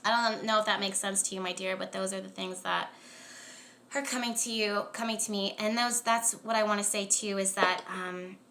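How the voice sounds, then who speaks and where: A woman hosting a casual live astrology chat on a stream, talking chattily with lots of "like"s, quick laughs and emphatic rants. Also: medium pitch, steady tone, sharp tone, slight background noise. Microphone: phone or webcam on a live stream.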